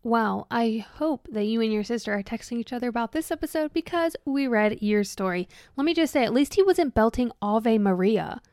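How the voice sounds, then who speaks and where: A talkative woman co-hosting a podcast, her voice sitting a touch high. She chats casually and laughs easily. The sound is close and dry, with no room around it. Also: animated, fairly quick, few pauses, a little mellow, dry recording. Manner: chatty, laughs often, reads listener stories aloud. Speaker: podcast co-host.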